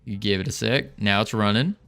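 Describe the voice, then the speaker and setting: A man's voice: lowish voice, a little fast, creaky, a bit bright, faint music behind. A man on a casual livestream, rambling and thinking aloud with small restarts while he works on code. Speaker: game developer streaming.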